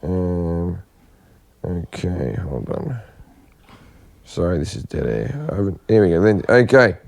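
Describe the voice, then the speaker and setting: A man's voice: deep voice, expressive, measured pace, vocal fry, a little mellow. A man hosting a casual podcast chat, telling crude, rambling stories full of restarts.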